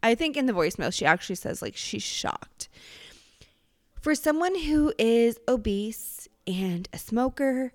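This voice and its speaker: A woman's voice: fairly high pitch, expressive, a little slow, a little mellow, no room sound, clean studio sound. A woman hosting a podcast, chatting casually and telling a rambling, profane story. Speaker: podcast host. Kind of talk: casual chat.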